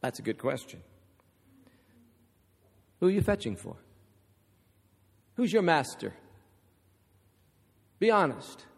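Man, pastor, sermon, high voice, rhetorical questions, humorous asides, reverberant church sanctuary. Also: sing-song, slow, creaky, pauses often, slightly rough. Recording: long reverb of a large hall.

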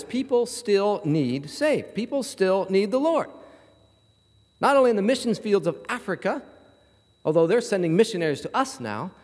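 A man preaching a sermon as pastor, telling stories in an animated way and acting out the people in them. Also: high voice, husky, big-room sound. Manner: animated storytelling, acts out voices in his anecdotes.

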